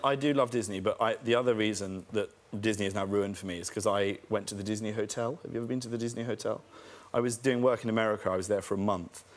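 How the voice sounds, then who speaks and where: A man's voice: fairly low pitch, fairly even intonation, fast, few pauses. A man in his thirties, a chat show guest telling comic stories about himself, often laughing as he talks. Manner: self-mocking, laughing through stories. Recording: loud background noise.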